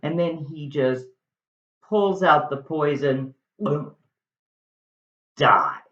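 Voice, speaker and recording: A man retelling a story casually, with wry, jokey asides and an unhurried pace. His voice sounds roomy and a little muffled. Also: a little high, fairly bright tone. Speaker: video host. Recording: roomy, slightly dull recording.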